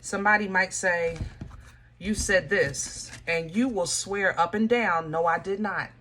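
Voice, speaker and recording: A woman's voice: on the low side, unhurried, a bit bright, slight background noise. A woman from Pennsylvania giving a casual tarot reading, blunt and emphatic, with frank, folksy speech aimed straight at the viewer. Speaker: tarot reader.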